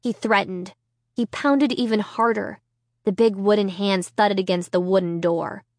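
A woman narrating a children's chapter book in the first person, with tense, expressive reading. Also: mid-range voice, measured pace, no echo. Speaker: audiobook narrator.

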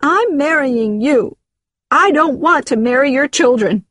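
A woman voicing an upset, jealous woman who pleads through tears and then turns cold and sharp. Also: mid-range voice, sing-song, normal speed, husky, no room sound, studio quality. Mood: tearful pleading. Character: upset jealous woman, fiancée, shrill and tearful.

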